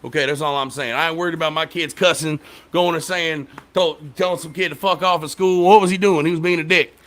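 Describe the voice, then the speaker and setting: A man's voice: a little high, steady tone, brisk, fairly bright tone. A man hosting a casual chat, telling loose, profane stories about his kids and laughing often. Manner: laid-back storyteller, laughs often, says "man". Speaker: podcast host, father.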